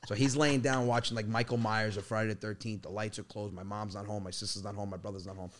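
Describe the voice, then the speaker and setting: A man telling a family story in a loose, animated way as a podcast guest. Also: on the low side, fast. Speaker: comedian guest. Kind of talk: casual storytelling.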